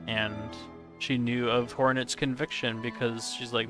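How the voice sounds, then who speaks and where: A man's voice: mid-range voice, level tone, moderate pace, over music. A man chatting casually while live-streaming a game, answering chat and laughing often.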